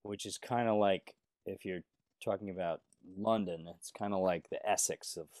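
A man's voice: deep voice, normal speed, no echo, clean studio sound. A man from New York, talking casually as a touring musician guest. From New York, USA. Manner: relaxed, rambling, friendly. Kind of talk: casual interview chat.

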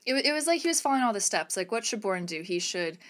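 A woman co-hosting a film podcast in casual chat, playful and quick to laugh. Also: medium pitch, very animated, fairly bright tone. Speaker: podcast co-host.

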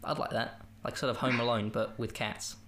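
A man's voice: mid-range voice, flat delivery, moderate pace, very noisy. A man hosting a podcast, chatting casually about a film in a rambling, jokey and self-amused way. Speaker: podcast host. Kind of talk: casual film review chat.

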